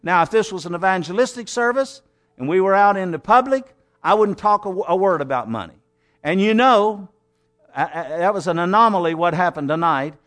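A man's voice: high-pitched, lively intonation, fairly quick, a bit bright. A male pastor preaching a sermon in a folksy way, reading scripture aloud with emphatic swings.

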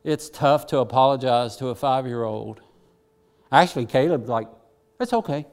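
A man's voice: medium pitch, normal speed, darkish tone. Older guy preaching, folksy stories, chatty asides, medium voice. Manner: chatty, self-deprecating storyteller with many asides. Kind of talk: folksy sermon storytelling.

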